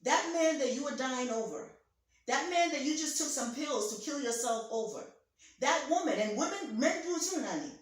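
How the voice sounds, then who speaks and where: A woman's voice: high-pitched, expressive, moderate pace. A woman, a physician and pastor, preaching a motivational talk in an emphatic, theatrical, repetitive way. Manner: theatrical, acts out voices. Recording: very echoey room, voice from far off.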